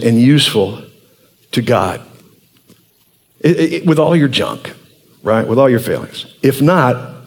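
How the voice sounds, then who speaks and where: A man in his sixties, a pastor telling a story in a sermon in an animated, earnest way. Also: mid-range voice.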